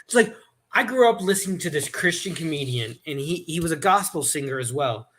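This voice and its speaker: A man's voice: a little high, lively intonation, a little fast, fairly bright tone, breathy edge. A man hosting a casual chat, telling rambling stories with many restarts. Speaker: host.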